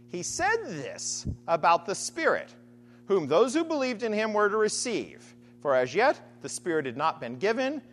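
This woman preacher's sermon features enormous leaps in pitch, rhetorical questions, and refrains she circles back to again and again. Her voice echoes with long, hall-like reverb, and there's a little hiss or hum on the recording.

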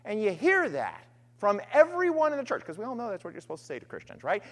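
A woman preaching a sermon, earnest and emphatic, alternating forceful stress with quiet, trailing phrases. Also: fairly high pitch, huge pitch swings, quick pace. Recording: long hall reverb.

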